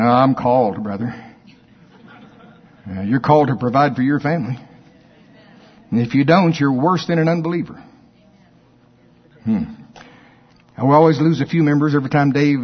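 A man preaching a sermon as pastor, lively and conversational, acting out both sides of imagined exchanges with his listeners. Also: mid-range voice, breathy edge, lo-fi sound.

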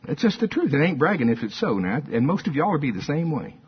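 Husky older preacher man. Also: on the high side, big pitch swings, fast talker. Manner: folksy, conversational preaching with repetition and call-and-response. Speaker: pastor. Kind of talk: sermon. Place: church. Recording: dull lo-fi sermon recording.

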